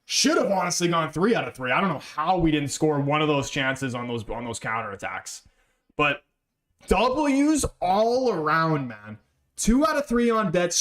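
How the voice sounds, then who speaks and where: A man reacting live to a football match, excitable and pleading, swearing often, in a fan watch-along. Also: on the high side. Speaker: fan streamer.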